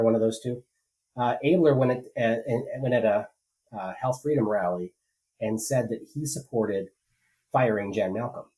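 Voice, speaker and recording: In a low-quality recording made at a rural home, a state legislator co-hosting a political podcast chats casually. His lowish voice is a little mellow, and he rambles with many fillers and restarts.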